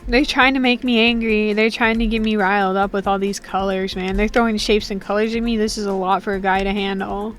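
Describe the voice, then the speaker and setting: A woman's voice: on the high side, fairly quick, hardly any pauses, faint music behind. A woman giving casual, joking, rambling commentary while playing a game, full of slang. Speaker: gaming streamer.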